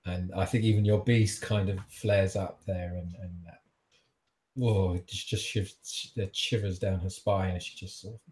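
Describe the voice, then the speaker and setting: A man's voice: low voice, a little mellow. A man narrating as game master, rambling and hesitant, with many fillers.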